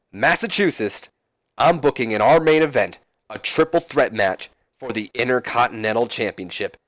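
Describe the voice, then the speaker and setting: A man putting on a higher, weary voice for a wrestling commissioner giving orders. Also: no room sound, low-quality recording.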